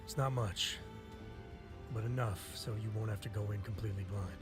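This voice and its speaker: An actor playing a calm male intelligence commander giving a formal briefing in a game. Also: fairly low pitch, close to an everyday voice. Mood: serious. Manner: measured, formal briefing delivery. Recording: game audio with faint music.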